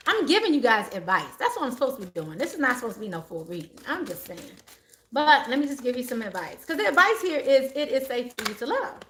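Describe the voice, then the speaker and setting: A middle-aged woman giving live tarot advice, animated and exclaiming, often repeating her phrases. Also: a little high, quick pace, a little hiss or hum. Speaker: tarot reader.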